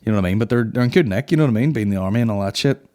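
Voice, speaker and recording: A man's voice: fairly low pitch, lively intonation, racing, dark tone. Crude, rambling comedy podcast host, a man. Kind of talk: casual comedy podcast banter.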